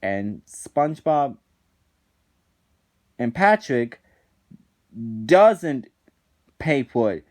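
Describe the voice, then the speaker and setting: Slow, exasperated male reviewer ranting. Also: mid-range voice, big pitch swings, a little mellow. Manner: indignant, exasperated, restarts phrases often. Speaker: reviewer of cartoon episodes. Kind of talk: ranting commentary.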